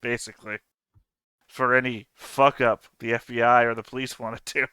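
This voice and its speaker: A man's voice: medium pitch, level tone, moderate pace, bright, forceful tone, clear, resonant tone, no room sound. A man playing a tabletop game, joking and wisecracking with the table. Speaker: player. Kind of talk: casual tabletop banter.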